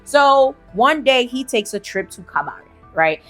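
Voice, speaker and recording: A woman's voice: a little high, animated, a little slow, a bit bright, soft background music. Woman host telling a folklore story, loose and chatty, peppered with "like" and "okay?". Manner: chatty, profane, lots of fillers like "like" and "okay?". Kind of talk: casual storytime narration.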